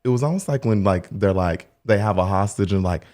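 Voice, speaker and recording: Deep-voiced young man telling stories. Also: brisk, darkish tone. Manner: rambling retelling with many "like" fillers; slips into high mock voices for quotes. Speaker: podcast co-host and hair stylist. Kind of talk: casual storytelling chat.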